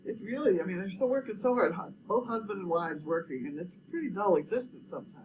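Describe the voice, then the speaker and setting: A man's voice: expressive, fast, a little hiss or hum, low-quality recording. An older man, musing and rambling in a casual chat about building projects and dogs. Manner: rambling, musing, low-key.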